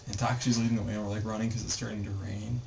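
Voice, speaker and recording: Animated young man retelling a trip. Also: lowish voice, very fast, creaky. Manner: animated storyteller acting out others' lines. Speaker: mission trip member recounting the day. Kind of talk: casual storytelling vlog recap. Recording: distant camera mic with background noise.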